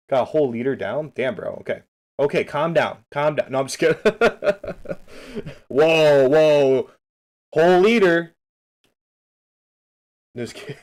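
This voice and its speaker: A man's voice: mid-range voice, darkish tone. A man coaching game replays on a livestream, talking loosely and upbeat straight to his chat. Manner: upbeat, keeps saying beautiful.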